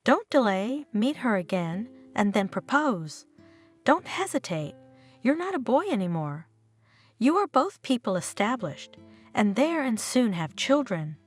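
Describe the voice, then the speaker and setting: A woman's voice: on the high side, big pitch swings, unhurried, soft background music. A woman reading the part of a pushy, meddling older mother who nags her son. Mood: insistent. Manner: insistent, nagging.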